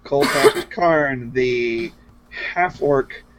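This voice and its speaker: A man player in a tabletop game stream, chatting in a halting, hesitant way on a dull lo-fi mic. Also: fairly high pitch, wildly swooping pitch, creaky. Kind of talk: casual chat among players.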